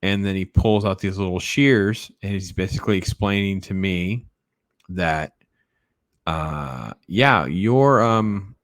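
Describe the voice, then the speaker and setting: A man's voice: low-pitched, a little slow, no echo, studio quality. A man chatting casually and enthusiastically about comic books, rambling with lots of fillers. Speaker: comic book collector. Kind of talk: casual video chat.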